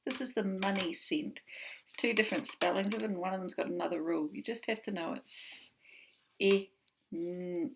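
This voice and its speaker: A woman with a New Zealand accent teaching an online phonics lesson from home, slowly sounding out letters and words. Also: medium pitch, slight background noise. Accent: New Zealand English.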